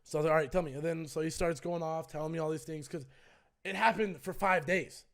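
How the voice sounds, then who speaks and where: Animated young man telling a story. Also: fairly high pitch, quick pace, gravelly. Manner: animated retelling that acts out both sides with swearing. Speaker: streamer and co-host. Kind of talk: casual storytelling on a stream.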